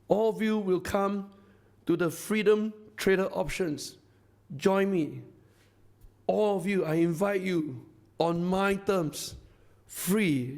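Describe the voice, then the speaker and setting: A man's voice: high voice, a little mellow. A man with a Singaporean English accent, a company founder giving an effusive, repetitive live stage speech that rallies the crowd. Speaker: company founder addressing a masterclass audience.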